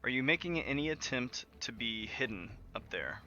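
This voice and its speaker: A man's voice: medium pitch, lively intonation, moderate pace, sharp tone, lo-fi sound, faint music behind. A man narrating a tabletop game as game master in a casual, laughing way with many fillers, over an online voice call.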